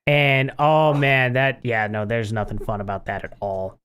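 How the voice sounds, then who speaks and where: A man and father in casual podcast chat, laughing often and talking in a relaxed, conversational way. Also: mid-range voice, moderate pace. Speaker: podcast co-host.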